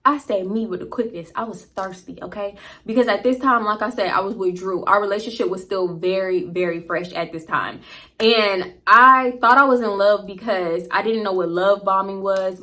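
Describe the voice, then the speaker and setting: A woman vlogger telling a storytime tale, animated, slangy and profane. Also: mid-range voice. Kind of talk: casual storytime.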